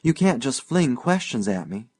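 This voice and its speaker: A man voicing a playful, wistful young Southern woman in an audiobook reading, in a raised soft girlish pitch. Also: sing-song, normal speed, husky.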